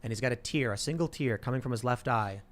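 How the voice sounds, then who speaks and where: A man hosting a casual talk show, telling comic stories in an animated way and repeating words as he cuts in. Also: medium pitch, fast talker. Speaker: podcast host. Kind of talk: casual chat and comic storytelling.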